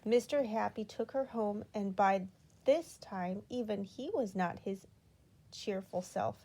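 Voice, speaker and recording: A woman reading a children's storybook aloud in an expressive, unhurried way. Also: mid-range voice. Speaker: children's book reader.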